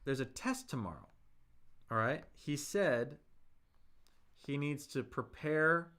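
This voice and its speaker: A man hosting a live-stream Chinese lesson, slowly explaining pronunciation with lots of fillers and thanking viewers in the chat. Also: fairly high pitch, fairly bright tone. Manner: slow, drawn-out speech with many fillers, demonstrating sounds.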